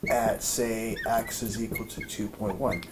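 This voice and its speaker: A man's voice: lowish voice, little pitch movement, a little slow. A man giving an informal math lesson, thinking aloud with many fillers and restarts. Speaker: math teacher. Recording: noisy room recording.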